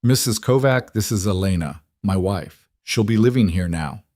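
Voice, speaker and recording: A man's voice: on the low side, lively intonation, moderate pace, a little mellow, no echo, clean studio sound, close to an everyday voice. A man playing a cold, curt mafia boss. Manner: curt, matter-of-fact commands. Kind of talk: audiobook narration.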